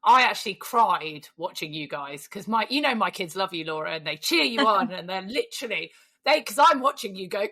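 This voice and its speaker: A woman's voice: medium pitch, expressive, brisk, sharp tone. A British woman hosting a podcast, effusive and emotional, chatting casually with the odd swear word. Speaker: podcast host. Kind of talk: casual chat.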